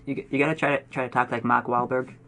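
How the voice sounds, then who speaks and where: A man co-hosts a casual podcast, easygoing as he explains things to his friends. He talks fast at an ordinary mid pitch. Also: level tone, vocal fry, sharp tone. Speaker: podcast co-host. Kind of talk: casual chat.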